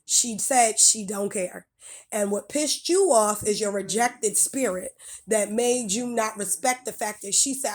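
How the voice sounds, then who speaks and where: A woman's voice: mid-range voice, measured pace. A woman in a video reaction, ranting bluntly and profanely and hammering her points with repetition. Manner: blunt, profane, emphatic, repeats phrases. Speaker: video creator reacting to clips. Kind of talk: heated reaction rant.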